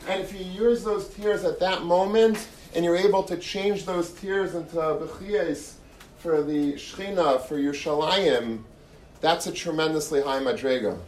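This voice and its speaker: A man's voice: fairly high pitch, unhurried, a little mellow. Man giving an earnest Torah talk. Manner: earnest, repeats and restarts phrases. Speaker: Torah lecturer. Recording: echoey room, mic far off, faint noise.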